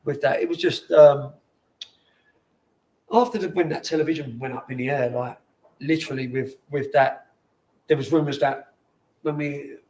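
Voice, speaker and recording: Male ex-pro, forties, slightly higher voice, loose sweary raconteur in a bar chat. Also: fairly even intonation, moderate pace, long pauses, a little mellow. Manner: rambling, swearing, laughs through stories. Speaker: former footballer, guest. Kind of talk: casual storytelling interview.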